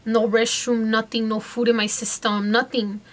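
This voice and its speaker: A young adult woman vlogger telling a story in a chatty, animated way, talking straight to her viewers. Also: a little high, normal speed. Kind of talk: casual storytime.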